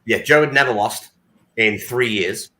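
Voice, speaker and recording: A man's voice: medium pitch, a little slow, sharp tone, slight background noise. A man co-hosting a casual podcast. He tells stories emphatically and confidently, like a fan who knows his subject. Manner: emphatic, knowledgeable storyteller. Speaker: podcast co-host. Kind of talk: casual chat. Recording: roomy echo.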